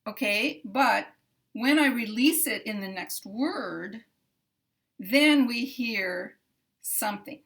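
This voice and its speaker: A woman teaching English pronunciation, explaining sounds in a careful, measured way and repeating example sentences. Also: on the high side, gravelly, a bit bright. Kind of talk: slow, deliberate pronunciation lesson.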